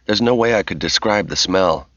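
A man voicing a calm, dryly wry man exploring a dark, foul place while talking over an earpiece. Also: sits low, normal speed, dry recording. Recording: slightly dull dry recording.

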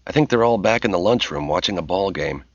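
A man's voice: sits low, lively intonation, fast talker, breathy edge, dry recording, muffled recording. A male audiobook narrator voicing a nervous young man caught snooping through files.

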